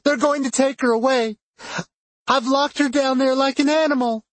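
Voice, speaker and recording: A man voicing a distraught young woman who is crying and pleading in a high, breaking voice. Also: a little slow, slightly rough, no room sound. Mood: tearful.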